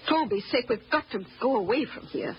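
In a 1940s radio drama, an actress plays a housekeeper and mother who is upset and protective, speaking emotionally and haltingly. Her voice is a little high, expressive, and close to everyday speech. The old-time recording sounds dull and faintly hissy.

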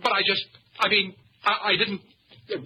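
A man's voice: sits high, flat delivery, normal speed, bright, forceful tone. An actor playing a nervous, stammering young ladies' man, in 1940s radio comedy style. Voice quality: stammering, jittery. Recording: muffled old radio recording, faint hiss.

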